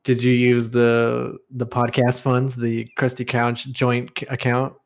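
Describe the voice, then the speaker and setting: A young man co-hosts a casual comedy podcast, teasing his partner and firing back quick comebacks between laughs. His voice sits at a middle pitch and stays loose and easygoing throughout. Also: completely flat delivery, vocal fry. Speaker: podcast co-host.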